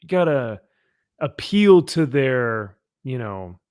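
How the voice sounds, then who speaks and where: A man hosting a casual comic-book chat podcast, animated and quick to laugh. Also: medium pitch, dry recording, studio quality. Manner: animated, laughs often, jokey asides. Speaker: podcast host.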